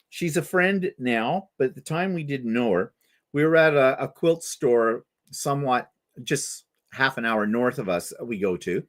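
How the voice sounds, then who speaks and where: A middle-aged man from Canada, a livestream host telling stories in casual chat and acting out the voices of the people he quotes. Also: a little high. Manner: animated storyteller, acts out quoted voices.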